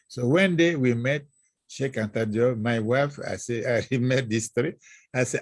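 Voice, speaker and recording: Husky man, halting speech. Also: mid-range voice, no room sound. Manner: halting, searching for English words, animated storytelling. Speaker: guest scholar. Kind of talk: reminiscing interview talk.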